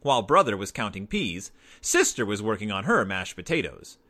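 A man narrating a children's storybook aloud in an expressive, animated way. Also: lowish voice, moderate pace.

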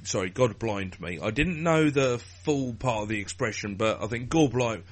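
A man's voice: medium pitch, moderate pace. A man co-hosting a podcast, cheeky and crude in casual banter. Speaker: podcast co-host.

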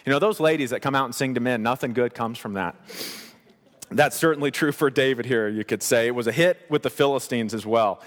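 Animated preacher in a reverberant hall. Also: male voice, medium pitch, a little fast. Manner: animated, conversational preaching with playful asides. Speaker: pastor. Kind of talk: sermon.

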